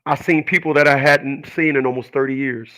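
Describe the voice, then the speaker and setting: Bright-voiced man preaching to viewers. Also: medium pitch, steady tone, a little fast, rough recording. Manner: earnest, emphatic, preachy. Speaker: channel host. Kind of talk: personal monologue to viewers.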